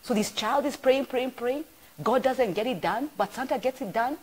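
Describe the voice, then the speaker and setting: A middle-aged woman with a Kenyan accent, preaching a sermon in an animated storytelling way that swings between loud and soft. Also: on the high side, normal speed, slightly rough, poor audio. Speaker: pastor. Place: church broadcast.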